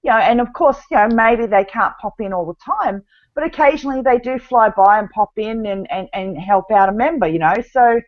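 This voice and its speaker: A woman's voice: fairly high pitch, expressive, fairly quick, highs cut off. A woman with an Australian accent, chatting animatedly as a podcast guest. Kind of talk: casual chat.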